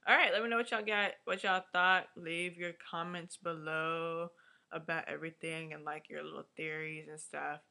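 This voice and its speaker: Animated, bright-voiced woman recapping a show. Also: sits low, moderate pace, vocal fry. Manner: animated, swears, acts out the characters' lines. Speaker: vlogger reviewing a TV episode. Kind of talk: casual recap rant. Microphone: webcam or laptop mic.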